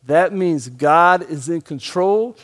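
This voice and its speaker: A man with a notably high voice preaches a sermon. He swings between emphatic and hushed delivery, slowing down to read scripture word by word. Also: expressive. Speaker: pastor.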